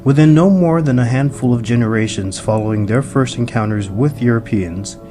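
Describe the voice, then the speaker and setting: Male narrator, mid-pitched, grave and measured, over music. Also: dark tone. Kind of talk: scripted documentary narration.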